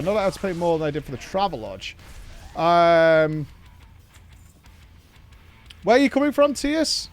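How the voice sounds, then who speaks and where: A man with a voice on the high side chats casually with his live-stream chat. He tells a story with lively, acted-out dialogue and some casual swearing.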